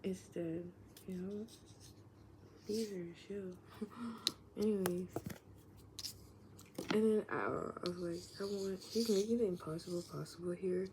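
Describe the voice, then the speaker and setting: A woman vlogger chatting casually and meanderingly, leaning on "like" constantly and sometimes dropping into soft whispers. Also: on the low side, fairly even intonation, unhurried, long pauses, poor audio. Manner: meandering, heavy use of "like", drifts into soft whispers, laughs often. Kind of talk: casual rambling chat. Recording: clearly audible background noise.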